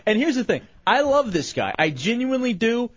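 A man hosting a call-in radio show, telling stories in an animated way. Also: very high-pitched, fairly quick, dry recording. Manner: animated, storytelling. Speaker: radio host. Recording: dull lo-fi radio broadcast.

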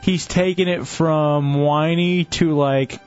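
A man's voice: on the high side, fairly even intonation, slow, clean tone, muffled recording, faint music behind. A man hosting a talk radio show, teasing his guests in a sarcastic, joking way. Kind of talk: casual radio banter.

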